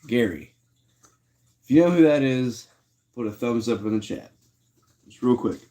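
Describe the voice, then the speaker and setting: A man hosting a live stream in a loose, slangy way, addressing his viewers directly as he goes. His voice sits at an ordinary mid pitch, neither deep nor high. He speaks the way people talk among friends. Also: lively intonation, moderate pace, mellow. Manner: slangy and laid-back, talks to chat. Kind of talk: casual livestream chat.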